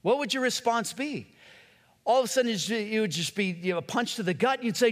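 A man's voice: sits high, expressive, fairly quick, in a large hall. A man preaching a sermon in a conversational way, acting out quotes and often restarting his sentences. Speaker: pastor.

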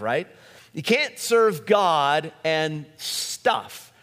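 A man's voice: on the high side, a bit bright. A middle-aged man preaching a sermon, conversational and anecdotal, with asides to the congregation. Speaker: pastor. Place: church sanctuary. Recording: long hall reverb.

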